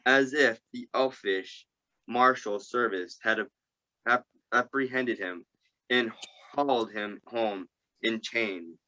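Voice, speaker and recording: A man reading a novel aloud to a group, halting and stumbling over words and restarting. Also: mid-range voice, pushed and bright, dull audio. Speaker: group reader.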